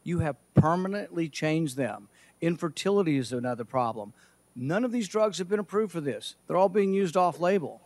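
A man's voice: on the high side, expressive, moderate pace, a little mellow, no echo. A man speaking at a senate hearing, indignant and building to outrage. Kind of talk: speech at a hearing.

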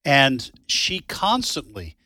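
Male radio co-host, ringing bright tone, close dry studio mic, lively storyteller. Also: mid-range voice, takes it slowly, no room sound. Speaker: radio talk show co-host. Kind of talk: casual on-air banter and storytelling. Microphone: studio microphone.

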